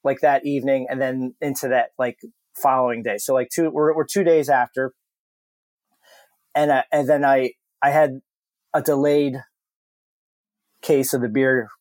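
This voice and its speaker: A man's voice: mid-range voice, fairly even intonation, unhurried, pauses often, darkish tone, dry recording. A man telling a casual story as a podcast guest, rambling and profane, with many fillers and laughs.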